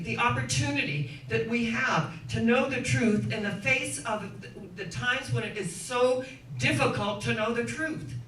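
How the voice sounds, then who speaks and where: A woman's voice: on the high side, a bit bright. A middle-aged woman minister giving a sermon, telling stories earnestly and building rhythmic spiritual lists. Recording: echoey room, distant mic, faint noise.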